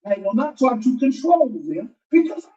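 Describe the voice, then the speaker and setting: A man's voice: very high-pitched, big pitch swings, normal speed, dark tone. A man ranting defensively in a played video clip, rambling and profane. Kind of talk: angry video rant. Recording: dull, roomy audio from a distance.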